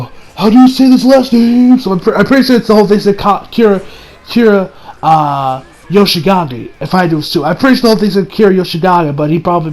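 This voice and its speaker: A man's voice: sits high, a little mellow, low-quality recording. A young man casually recapping an anime episode, rambling and playful, laughing as he retells scenes.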